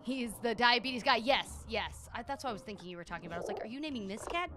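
A woman live-streaming a game, chatting with viewers and playfully yelling at game characters. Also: a little high, fast, music in the background.

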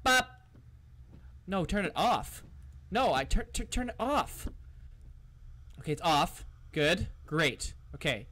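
A man commentating a horror game, muttering to himself, reading text aloud and yelling in alarm. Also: sits high, slow, long pauses. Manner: jumpy and excitable, swearing, yelling at the game. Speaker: gaming YouTuber.

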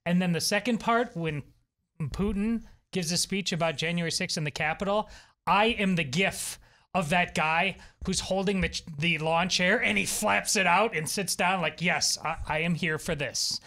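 A man co-hosting a political talk panel, animated and exasperated, with comic asides. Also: sits high, normal speed. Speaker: panel co-host. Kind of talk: panel discussion.

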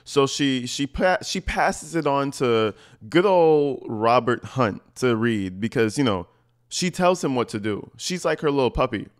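A man's voice: medium pitch, animated, a little slow. A man giving casual, sarcastic commentary over video clips, crude and mocking in his asides. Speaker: commentary vlogger.

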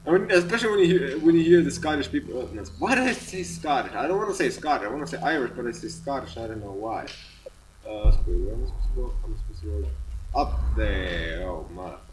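A man talks over his gameplay, swearing freely and shouting at the enemies on screen. His pitch swings widely as he reacts. He sounds set back from the microphone, with steady noise behind him. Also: quick pace, far from the mic, rough recording. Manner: excitable, swears a lot, yells at enemies. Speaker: gaming channel host. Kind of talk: gameplay commentary.

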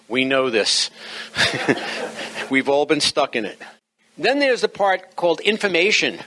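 A man's voice: on the high side, normal speed. A middle-aged man giving an informal lecture on radio operating, emphatic and full of joking asides. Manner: jokey, emphatic, lively asides. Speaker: presenter teaching radio operating practice.

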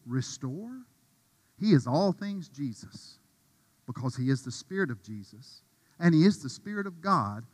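A man preaching a sermon with passion, dropping to a hush and rising to a shout. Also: mid-range voice, in a large hall. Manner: impassioned, swings from hushed to shouting. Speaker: pastor.

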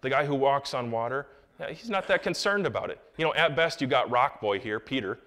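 With a mid-range voice that runs a little fast, a pastor preaches an animated sermon. He goes quiet for asides, then climbs into loud lines, and jokes with the congregation along the way.

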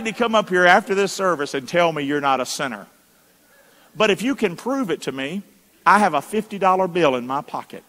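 High, lively preaching pastor in a reverberant hall. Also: male voice, a little fast. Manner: call-and-response preaching, asks the congregation to answer; folksy, emphatic delivery with colloquial asides. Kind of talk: sermon. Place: church sanctuary. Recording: long reverb of a church hall.

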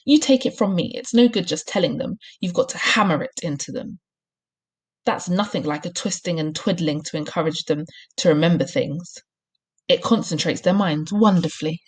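Storybook bully headmistress, harsh and scornful, husky lowish voice, read by a woman. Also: moderate pace, a little mellow. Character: fierce bullying headmistress, big and brutal.

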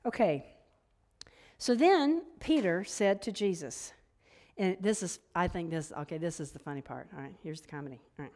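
A woman's voice: on the low side, animated, normal speed, a little mellow. A woman minister preaching a conversational sermon, full of playful asides and laughing at her own jokes.

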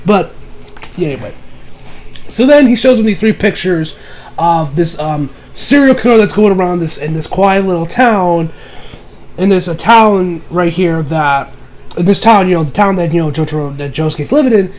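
A man's voice: high-pitched, expressive, moderate pace, a little hiss or hum. A man giving a casual, rambling episode review, swearing often and leaning on fillers like "you know" and "like". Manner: rambling, profane, full of fillers. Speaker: anime reviewer.

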